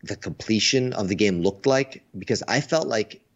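A man with a very low voice chats eagerly on a stream, stumbling and restarting his words as he gets going. The sound is dull and lo-fi. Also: normal speed. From United States. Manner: enthusiastic, restarts words often. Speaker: stream co-host. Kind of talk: casual chat. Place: Asia.

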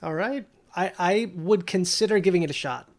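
A man's voice: sits high, normal speed. A man co-hosting a stream in casual chat, easygoing with brief replies. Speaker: stream co-host.

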